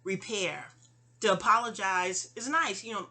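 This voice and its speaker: Speaking at normal speed, this middle-aged New Yorker has a husky, mid-range voice that sounds pushed, bright and animated. She's a vlogger drifting off on tangents as she tells a personal memoir story, restarting often and filling gaps with fillers in a loose, rambling monologue.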